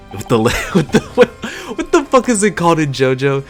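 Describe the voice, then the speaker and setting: A man's voice: fairly high pitch, sing-song, brisk, hardly any pauses, faint music behind. A man streaming a game, cracking jokes and profane asides between voicing characters. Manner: joking, laughing, profane asides. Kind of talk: live-stream chat and voice acting.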